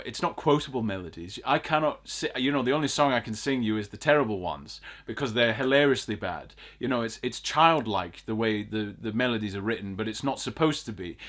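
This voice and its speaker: A man's voice: medium pitch, fairly bright tone. Ranting man reviewing films. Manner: ranting, exasperated, emphatic repetition. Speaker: film review podcast host. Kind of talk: casual film review chat.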